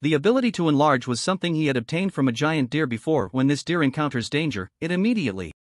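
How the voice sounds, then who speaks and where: A man's voice: fairly high pitch, lively intonation, fast, dry recording, clean studio sound. A man narrating a fantasy story in a dramatic, scripted way.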